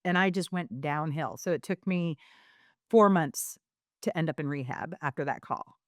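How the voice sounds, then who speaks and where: A woman's voice: deep voice, moderate pace, no echo, studio quality. A woman guest on a podcast telling her story candidly, rambling with many fillers and restarts.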